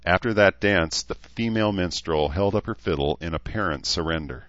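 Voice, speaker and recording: Deep-voiced male audiobook narrator. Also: moderate pace, fairly bright tone, no room sound, highs cut off. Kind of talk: scripted narration.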